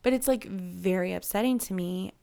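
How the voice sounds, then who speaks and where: A woman's voice: mid-range voice, normal speed, vocal fry, mellow. A woman in her thirties talking openly and emotionally in a personal conversation, rambling and restarting as she works through her feelings.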